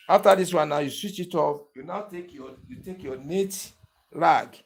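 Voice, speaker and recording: A man with a slightly raised pitch walks the viewer through a practical demonstration. He repeats each step several times. He keeps asking whether they can see it. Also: normal speed, faint music behind. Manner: repetitive step-by-step instructions, keeps checking the viewer follows. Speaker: barber tool instructor. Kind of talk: hands-on tutorial demonstration.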